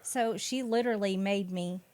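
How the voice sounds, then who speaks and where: A woman's voice: mid-range voice, moderate pace, darkish tone. Woman, Southern accent, podcast co-host, chatty, enthusiastic. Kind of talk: casual chat.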